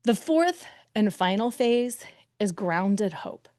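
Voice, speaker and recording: A woman's voice: medium pitch, sing-song, slow pace, warm tone, no echo, clean studio sound. A middle-aged woman hosting a podcast as a betrayal recovery coach, talking expressively and acting out people's inner voices. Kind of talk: solo podcast monologue.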